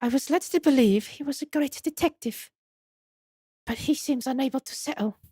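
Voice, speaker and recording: A grand waxwork museum madame speaks in a put-on French accent, as a woman reads her aloud. Her voice sits high and lofty, every phrase delivered with theatrical airs. The sound is close and dry. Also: moderate pace, dark tone, husky, no room sound. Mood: haughty. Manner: grand and mannered, slightly shaky accent. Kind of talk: reading game dialogue aloud.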